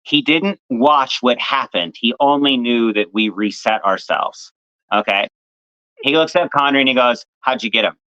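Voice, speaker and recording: Bright-voiced man laughing through a chat. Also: mid-range voice, normal speed, dry recording, highs cut off. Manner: laughs often, jokes and quotes others. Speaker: podcast guest. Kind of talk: casual chat.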